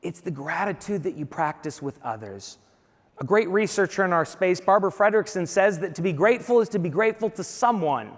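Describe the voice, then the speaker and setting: A man delivers a conference keynote in a large hall with a long echo. His voice sits high for a man, and he talks with energy, exclaiming and speaking directly to his listeners. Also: expressive, fairly quick. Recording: reverberant hall.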